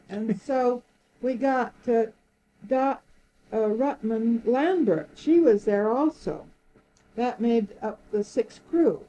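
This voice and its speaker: A woman's voice: fairly high pitch, slow, highs cut off, slight background noise. An older woman recalling old times in an interview, telling her story with frequent laughter. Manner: lively storyteller, laughs often, acts out quoted speech. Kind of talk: oral history reminiscence.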